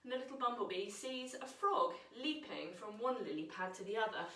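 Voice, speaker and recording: A woman leading a children's yoga lesson, gentle and encouraging, telling a playful story as she guides the moves. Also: medium pitch, lively intonation, fairly quick, roomy sound, recorded from a distance, poor audio.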